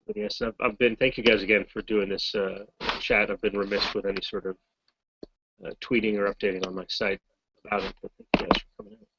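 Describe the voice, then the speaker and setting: A voice actor from Massachusetts chatting casually on a video call, rambling and correcting himself with a wry tone. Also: male voice, on the low side, flat delivery, fast, highs cut off, heavy background noise. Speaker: voice actor guest. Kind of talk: casual chat in a video hangout.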